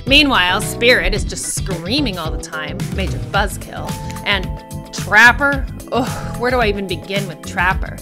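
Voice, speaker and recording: A blunt, socially awkward woman killer raised in the woods, read by a woman, talking about gore in a plain, matter-of-fact way. Her voice sits at a middle pitch, with game music clear behind. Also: expressive, normal speed, natural voice. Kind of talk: reading a dating game aloud.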